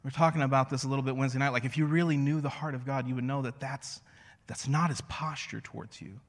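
A man preaching a sermon as a pastor, conversational and storytelling, slowing to a hush on key phrases. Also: mid-range voice, fairly even intonation, long reverb tail. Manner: conversational, storytelling with self-deprecating asides.

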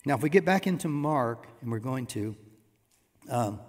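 A man preaching a sermon as pastor, swinging between hushed asides and loud emphatic bursts. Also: mid-range voice, lively intonation, moderate pace. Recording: long reverb of a church hall.

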